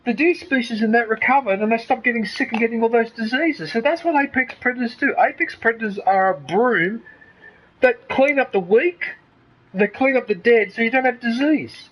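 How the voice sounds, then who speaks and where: A man's voice: extremely high pitch, normal speed, a bit bright, poor audio. An Australian man streaming a game, ranting heatedly and swearing freely while talking to his live chat. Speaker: gaming streamer. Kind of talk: casual live-stream commentary.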